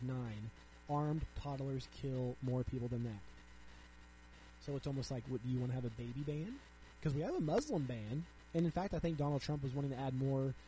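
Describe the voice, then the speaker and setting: Young male podcast host, casual and rambling, mellow tone, light hum in the background. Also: a little high, poor audio. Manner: chatty, frequent "like", reads articles aloud then riffs. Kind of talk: casual solo podcast commentary.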